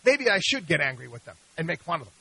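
Speaking fast in a gravelly, husky voice that's still high and bright, this middle-aged investment advisor hosts a studio radio talk show. He argues with animated exasperation, tripping over words, repeating, and starting sentences again. It's a rough, close, dry recording with no room sound.

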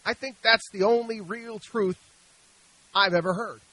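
Male radio host, high bright voice, dry studio sound, preachy and emphatic monologue. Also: fairly even intonation, unhurried, no room sound, low-quality recording. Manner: emphatic, preachy, rhetorical questions.

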